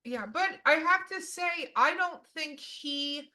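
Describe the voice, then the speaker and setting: A woman co-hosting a podcast, telling stories in an animated, enthusiastic casual chat. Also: high-pitched, slow. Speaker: podcast co-host.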